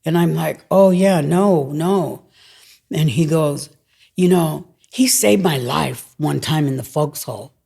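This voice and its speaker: A woman's voice: deep voice, takes it slowly, creaky, breathy edge. A middle-aged woman telling a story in casual chat, acting out what people said. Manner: animated storyteller acting out quotes. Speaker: guest, longshore worker.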